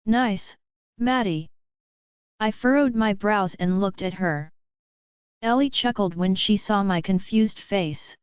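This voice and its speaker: A woman reading a romance audiobook in steady first-person narration. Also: medium pitch, a little slow, smooth, no echo, highs cut off.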